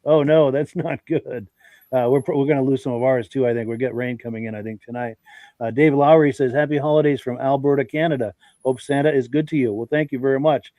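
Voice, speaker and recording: A man with a stuffy, congested voice hosts a live podcast, reading out viewer comments and greeting each person by name in a friendly, folksy way. His pitch sits in an ordinary middle range. The sound is dry and close, with almost no room echo. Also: fairly even intonation, quick pace, phone-quality sound. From Vermont. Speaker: podcast host.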